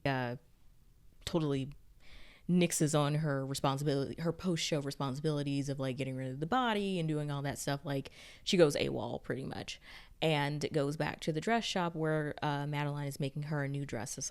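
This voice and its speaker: A woman's voice: low voice, normal speed, clean tone. A woman giving a casual, rambling spoken recap of a TV episode, filling her talk with "like" and restarts. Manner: chatty, heavy use of "like", rambling restarts. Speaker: TV recap reviewer.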